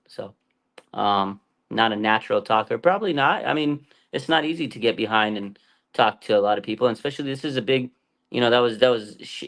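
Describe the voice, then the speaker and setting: A man's voice: medium pitch, fairly bright tone. A man hosting a fan sports show, talking in a loose, rambling way full of fillers and restarts. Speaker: fan channel host. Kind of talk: casual sports talk livestream.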